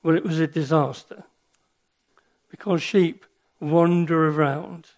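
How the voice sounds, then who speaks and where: An older man giving a sermon with personal stories, speaking in an earnest, reflective way with pauses and restarts. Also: a little high, fairly even intonation, a little mellow.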